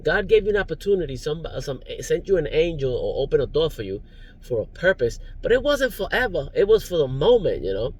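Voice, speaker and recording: A man's voice: fairly high pitch, big pitch swings, brisk, darkish tone, husky. A man giving rambling, preachy life advice in a casual vlog, recorded in his parked car, chuckling now and then. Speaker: vlogger, driver.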